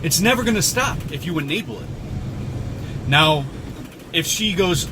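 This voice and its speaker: A man's voice: a little high, expressive, normal speed, pauses often. Rambling, profane man ranting in a car. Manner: rambling, profane, repeats himself. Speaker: vlogger. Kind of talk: casual rant while driving. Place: inside a car on the road. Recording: road noise inside a moving car.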